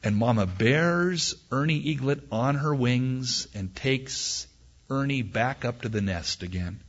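A man preaching a sermon, telling an animated story and acting out sounds and voices, in a husky voice on a dull, lo-fi recording. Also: mid-range voice, slow.

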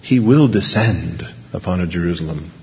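A man's voice: low-pitched, animated, moderate pace. A man preaching an impassioned sermon in a church hall, building to emphatic repeated peaks. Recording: dull lo-fi recording with long hall reverb.

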